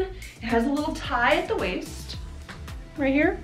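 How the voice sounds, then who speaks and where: With a high-pitched, sing-song voice at a moderate pace, a woman in her thirties chats about clothes in a bubbly way and laughs often. She's a fashion vlogger doing a casual try-on haul. Faint music sits in the background of an echoey room.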